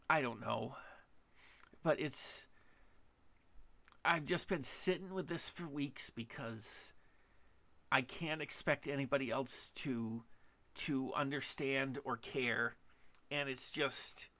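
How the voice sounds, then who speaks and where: A man talks through a solo podcast monologue in a gravelly, bright-edged voice. He is hesitant and halting, restarting his sentences often and running himself down as he goes. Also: medium pitch. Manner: self-deprecating. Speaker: podcast host.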